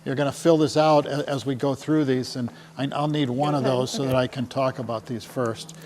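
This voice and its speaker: A man's voice: medium pitch, fairly even intonation, moderate pace, a little mellow. Chatty middle-aged man presenting to a room. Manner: jokey and chatty, often asks the crowd "right?". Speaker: tour company presenter. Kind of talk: casual presentation to a live audience. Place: meeting room with a small audience. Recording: long hall reverb with faint hum.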